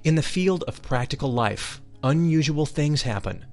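A man giving a solemn, measured reading of a spiritual text, dwelling deliberately on each phrase. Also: on the high side, animated, darkish tone, soft background music. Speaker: reader of spiritual teachings.

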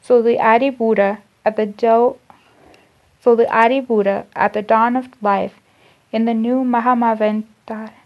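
A woman with a somewhat high voice reads esoteric spiritual teachings aloud, slow and deliberate, going back to restart and repeat her phrases. The recording is dull and lo-fi. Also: steady tone. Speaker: spiritual lecturer.

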